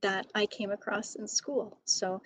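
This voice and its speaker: Slow, measured woman author. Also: mid-range voice, flat delivery, fairly bright tone, dry recording, poor audio. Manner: measured, many ums. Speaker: author and educator. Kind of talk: interview answers.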